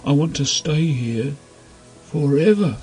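A man voicing a newly made, simple-minded male snowman who talks in a slow, halting, puzzled way. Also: on the low side, warm tone, faint music behind. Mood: delighted.

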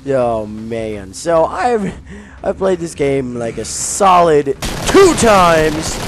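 A young man giving casual, jokey commentary while playing a video game, often yelling at enemies. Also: fairly high pitch, drawn-out words, background noise. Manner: excitable, jokey, yells at enemies. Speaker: gaming YouTuber.

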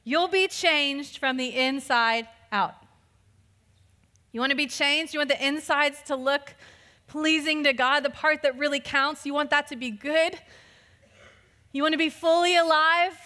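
A woman pastor giving a lively, conversational sermon, laughing often as she preaches. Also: high-pitched, a little slow, big-room sound.

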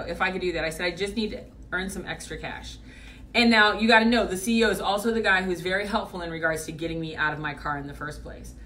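A woman's voice: lowish voice, fairly bright tone, recorded from a distance, a little hiss or hum. A middle-aged woman coach telling a personal story in a blunt, emphatic way, repeating her points for force. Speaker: business coach. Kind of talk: motivational storytelling.

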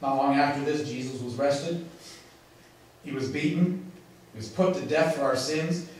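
A man's voice: a little high, a little mellow, a little hiss or hum. Preaching man, echoey and distant. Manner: emphatic preaching with dramatic pauses. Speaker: pastor. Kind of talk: sermon. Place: church sanctuary. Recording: echoey, from far off in a large room.

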